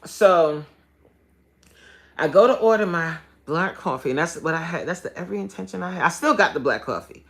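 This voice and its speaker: A woman fitness coach chatting casually on a live stream, animated and loud, laughing often and swearing freely. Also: on the low side, brisk.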